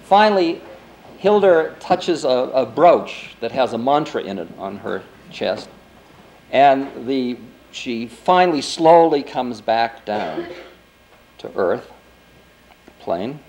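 Man, 40s, spiritual teacher at a lecture, conversational storyteller, mid-pitched, light hiss. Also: animated, slow, darkish tone, poor audio. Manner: loose, conversational, full of "you know" and "I mean". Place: lecture before an audience.

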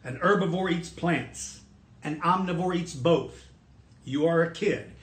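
A dinosaur educator gives an online lesson for children, addressing them directly with enthusiasm. His voice is fairly high and unhurried, and the recording has a roomy echo.

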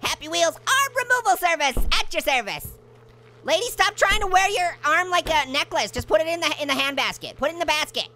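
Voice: very high voice, expressive, a little fast, sharp tone, slight background noise, heavily acted. A performer voicing a hyper, cheeky male talking orange who giggles, makes puns and chatters nonstop while playing a game. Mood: playful. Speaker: game player. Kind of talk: cartoon character let's-play commentary.

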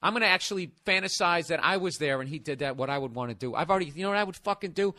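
American man, 40s, podcast host; profane, exasperated ranting, slightly high voice, dry studio sound. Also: lively intonation, racing, sharp tone, no room sound. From United States. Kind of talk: casual podcast rant, reading a listener letter.

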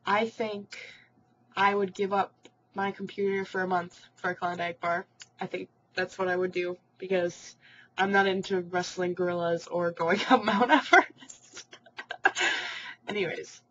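Teen girl vlogger, lower pitch, chatty and caring, dull lo-fi webcam recording. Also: fairly even intonation, measured pace, fairly bright tone. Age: teens. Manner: rambling, sympathetic, many ums and likes. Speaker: vlogger in an online support group. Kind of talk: casual video reply to group members. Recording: dull lo-fi webcam audio with faint hiss.

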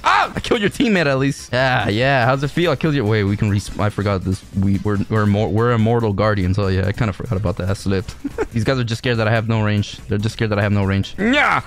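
A man commenting casually on his own online match, excitable and jokey, yelping at surprises. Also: lowish voice, fast, faint music behind. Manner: excitable, jokey, laughs often and yelps at surprises. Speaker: gaming channel host.

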